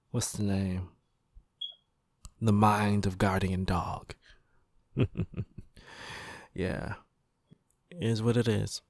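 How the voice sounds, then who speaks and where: A man hosting his own podcast, slowly and reflectively recalling a memory in a rambling, casual way. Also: on the low side, a little mellow, no echo, clean studio sound. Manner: slow, reflective, rambling with pauses. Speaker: podcast host. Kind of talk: casual personal storytelling monologue.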